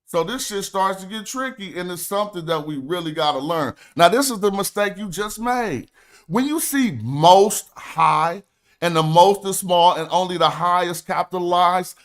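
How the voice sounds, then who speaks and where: A young man with a notably high voice lectures on his stream, pressing his points hard and reading passages aloud from his notes. He talks in an emphatic, argumentative way, like someone out to prove a case. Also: a bit bright, smooth. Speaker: stream host. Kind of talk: livestream lecture.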